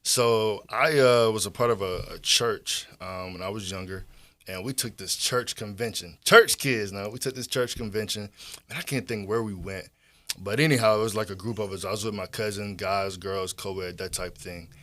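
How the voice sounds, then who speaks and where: A man from Georgia with a Southern accent, a podcast guest telling stories about his life in a relaxed, rambling way full of fillers and restarts. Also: fairly low pitch, moderate pace. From Georgia, USA. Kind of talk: casual storytelling.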